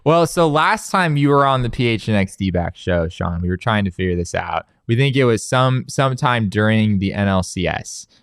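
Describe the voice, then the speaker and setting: A young man in his twenties hosting a podcast in casual chat, upbeat and quick to laugh. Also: on the low side, animated, clear, resonant tone, no room sound. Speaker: podcast host.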